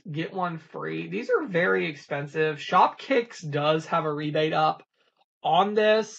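A vlog host reads off coupon after coupon in a plain, casual list. The voice is gravelly and a little husky. The home recording sounds dull and lo-fi. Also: medium pitch.

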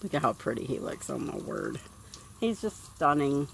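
A woman's voice: sits low, sing-song, moderate pace, creaky, a little hiss or hum. Chatty woman bathing her dog. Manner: chatty, talks to her dog in a coaxing sing-song. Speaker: dog owner vlogger. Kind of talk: casual vlog narration. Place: outdoors by a pool.

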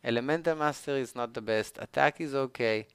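A man streaming a game live, pleading with the game for better loot and swearing, with sudden shouted outbursts of frustration. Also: mid-range voice, brisk, smooth, no echo. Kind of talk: live gaming commentary.

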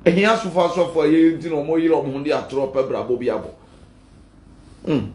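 A man's voice: a little high, fairly quick, a little mellow, roomy sound. A man with a Ghanaian accent, a pastor giving a heated, defiant rant and switching between Twi and Pidgin English.

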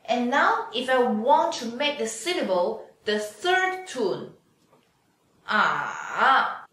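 A woman's voice: on the high side, big pitch swings, a bit bright. A woman teaching a pinyin lesson, drawing out each sound patiently for students to repeat. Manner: patient, drawn-out demonstration of sounds. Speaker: Chinese language teacher. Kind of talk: slow pinyin lesson with drills. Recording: very echoey room, voice from off mic.

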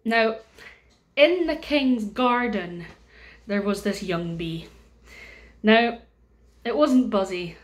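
Animated Scottish woman telling a children's story. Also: medium pitch. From Scotland. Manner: animated, sing-song, lots of pauses and asides.

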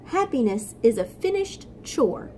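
Woman doing a preachy male worker ant, scolding, higher and louder than her usual voice, slow, storybook. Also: sing-song, a little hiss or hum. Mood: lecturing. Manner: scolding, lecturing.

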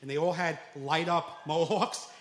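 A man doing a stand-up comedy set, animated and acting out characters with sudden loud outbursts. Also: a little high, measured pace. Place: comedy club. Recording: echoey club with faint ambience.

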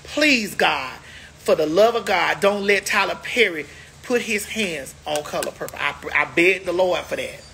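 A woman's voice: fairly low pitch, measured pace, gravelly, a bit bright, slight background noise. A woman hosting a casual livestream, chatting to viewers in a sassy, emphatic way, stretching words out for effect. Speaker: livestream host.

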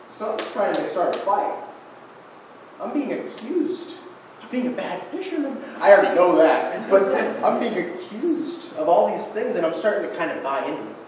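A man's voice: sits high, darkish tone. Young man preaching in an echoey church. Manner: conversational, self-deprecating storytelling. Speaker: guest preacher. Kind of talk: sermon. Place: church sanctuary. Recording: echoey church room from far off, noisy.

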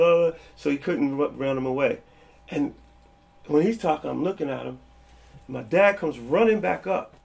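A man in his forties with a gravelly, husky voice that sits a little high for a man. He tells stories from his past in a loose, casual interview and brings the people in them to life with lively delivery. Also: normal speed. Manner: animated, acts out quoted people with a raised voice. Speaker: interview guest.

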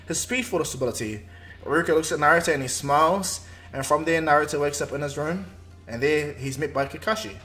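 A man's voice: on the high side, fairly quick, sharp tone, soft background music. A man retelling a fan-made anime story in a loose, rambling way. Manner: rambling, with fillers and restarts. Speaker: narrator.

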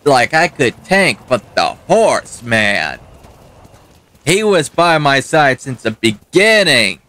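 Man, young adult, bright edgy voice, cursing rant, gameplay commentary. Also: mid-range voice, big pitch swings, slow. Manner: profane, ranting, talks back to the game. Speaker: gaming channel host. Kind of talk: let's play commentary.

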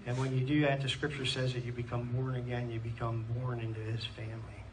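A man with a Pennsylvania American accent preaches in a church, reading scripture earnestly and dropping in frequent amens. He sits at a middling pitch, picked up by a mic set some way off. Faint room noise hangs under his voice. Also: flat delivery, a little fast, distant mic. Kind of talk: sermon. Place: church hall.

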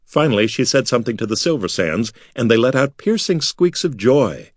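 A man reading a fantasy novel aloud as an expressive audiobook narrator. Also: medium pitch, moderate pace, no room sound, clean studio sound. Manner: lively, expressive storytelling.

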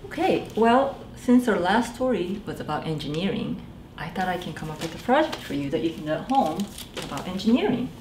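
A woman's voice: fairly low pitch, a little fast, recorded from a distance, background noise. Library storytime lady, bouncy up-and-down voice, explaining things to kids step by step, echoey room. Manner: lively, explains step by step to children. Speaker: children's librarian. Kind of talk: storytime reading and craft demo.

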